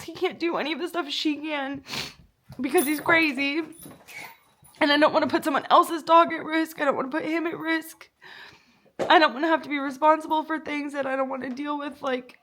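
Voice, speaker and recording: High-voiced tearful young woman vlogger. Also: fairly bright tone. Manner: rambling, many fillers, swears, breaks into tearful laughs. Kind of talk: emotional personal vlog.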